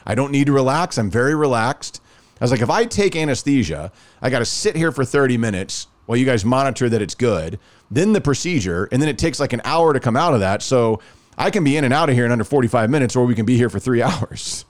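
Man, casual storytelling, lively swooping pitch, acts out dialogue, middle voice. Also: quick pace. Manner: animated, acts out quoted dialogue.

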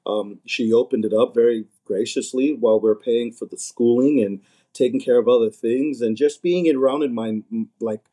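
Man, earnest, mellow voice, repeats words, casual chat. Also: mid-range voice, steady tone, moderate pace. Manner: earnest, repeats words when starting a thought. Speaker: podcast guest, married minister.

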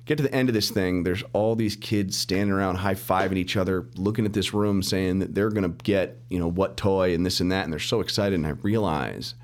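Middle-aged podcast guest with a very low voice, animated storyteller who acts out quotes. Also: male voice, a little fast, hardly any pauses. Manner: animated storyteller, acts out quoted dialogue, restarts and laughs often. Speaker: mortgage lender and podcast guest. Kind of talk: casual storytelling interview.

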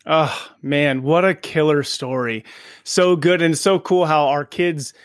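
A man's voice: fairly high pitch, steady tone, slow, no room sound, studio quality. A man hosting a podcast interview, reacting with enthusiasm and asking follow-up questions. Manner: enthusiastic, encouraging. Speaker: podcast host. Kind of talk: casual interview.

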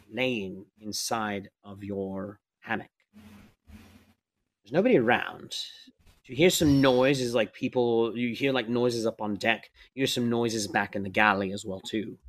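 A man's voice: mid-range voice, fairly even intonation, unhurried. A man narrating as game master of a live-streamed tabletop game, talking casually with lots of fillers. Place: streaming setup.

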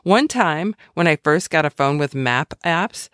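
A woman reading her own devotional book aloud in an expressive, conversational storytelling way with wry asides. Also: deep voice, unhurried, clear, resonant tone, no room sound, studio quality.

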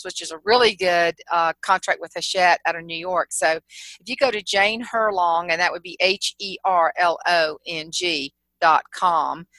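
Woman, middle-aged, Southern accent, humorist guest, storytelling, bright tone, dry close sound. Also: fairly low pitch, no echo, low-quality recording. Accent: Southern US, South Carolina. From South Carolina. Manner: storytelling, animated, laughs often. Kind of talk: casual interview chat.

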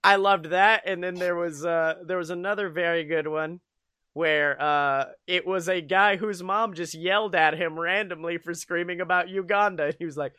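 A man's voice: sits high, steady tone, moderate pace, bright, forceful tone, clean tone, dry recording, studio quality. A young man co-hosting a podcast, joking and laughing often as he tells stories in casual chat. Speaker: podcast co-host.

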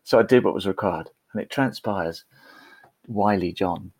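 Husky man telling a story. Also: deep voice, normal speed, a little mellow, dry recording. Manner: chatty, self-deprecating, with frequent restarts and laughs. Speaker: podcast guest. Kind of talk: conversational storytelling.

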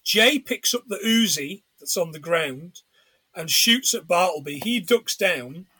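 A man's voice: high-pitched, expressive, measured pace, pushed and bright, slightly rough, no room sound. A man chatting casually on a podcast, retelling a film's plot and laughing along. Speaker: podcast co-host. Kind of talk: casual film recap chat.

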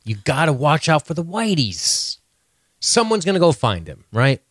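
A man co-hosting a podcast, chatting casually in animated, mock-outraged rants full of swearing and laughter. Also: fairly high pitch, normal speed, no room sound, studio quality. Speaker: podcast co-host. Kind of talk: casual recap chat.

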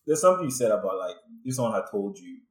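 A man's voice: fairly low pitch, sing-song, quick pace, reverberant, rough recording. A man hosting a podcast who asks reflective, thoughtful questions. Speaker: podcast host. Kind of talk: podcast interview.

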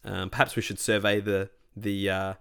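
A man hosting a solo podcast, ranting about ads and answering a listener question, addressing his audience as ladies and gentlemen. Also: lowish voice, level tone, moderate pace, vocal fry, smooth. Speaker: podcast host.

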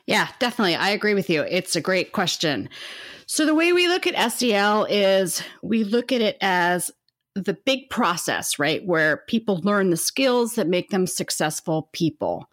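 A woman's voice: medium pitch, expressive, moderate pace, fairly bright tone. A woman, an educational psychologist, explaining her field as a podcast guest and checking in with "right?" as she goes. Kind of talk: explaining in an interview.

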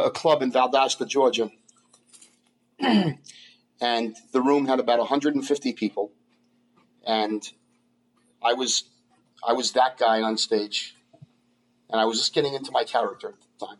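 A man with a husky, slightly breathy voice recounts a club gig in a casual interview. He talks haltingly, with many fillers and restarts, at an ordinary middle pitch. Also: low-quality recording. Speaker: guest comedian.

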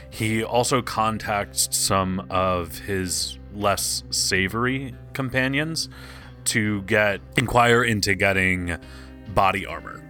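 A man with a very deep, bright-edged voice describes his character's plans. He speaks slowly and carefully over faint guitar music. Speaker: player.

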